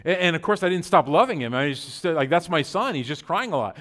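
A man with a fairly high voice delivers a sermon to his congregation. He talks conversationally, full of casual fillers, and swings from sudden loud bursts to hushed, intimate lines. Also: lively intonation, fast talker. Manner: conversational with fillers like "like" and "you know". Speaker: pastor.

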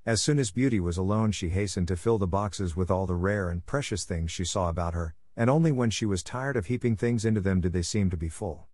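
A man reading a classic fairy tale aloud as a steady, scripted audiobook narration. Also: sits low, a little fast, few pauses, no echo, clean studio sound.

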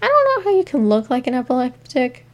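A woman's voice: high-pitched, big pitch swings, fast talker. A woman co-hosting a casual podcast, reading case notes with asides and frequent ums. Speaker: podcast co-host. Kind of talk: casual true-crime podcast chat.

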